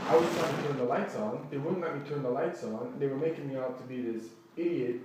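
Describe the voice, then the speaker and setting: A man's voice: medium pitch, brisk, hardly any pauses. A man recounting an incident in agitated first-person storytelling, acting out quoted dialogue and restarting his sentences. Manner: animated, acts out quoted dialogue, restarts often. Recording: echoey room, distant mic, faint noise.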